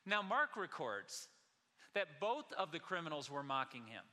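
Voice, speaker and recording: A male pastor preaches with a bright, ringing, tense tone and a slightly high voice. He delivers the sermon earnestly, asks the congregation rhetorical questions and slows down to press a point. His voice carries a long reverb from a large hall. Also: very animated.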